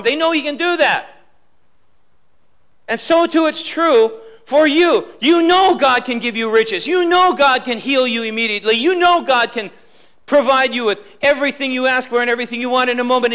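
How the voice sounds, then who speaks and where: High, bright-voiced preaching man. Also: normal speed. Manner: emphatic preaching, repeats key lines, drops low for quotes. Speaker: pastor. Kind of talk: sermon. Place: church sanctuary.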